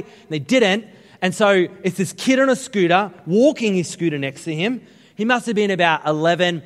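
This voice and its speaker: High-voiced Australian pastor in a reverberant hall. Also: male voice, brisk. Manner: lively, joking, conversational asides to the crowd. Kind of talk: humorous storytelling sermon. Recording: long reverb of a large hall.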